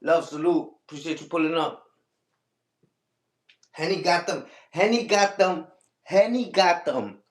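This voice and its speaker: A man's voice: fairly high pitch, unhurried, long pauses, roomy sound. A man hosting a casual livestream, talking back to his critics and repeating his own catchphrases. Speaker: livestream host.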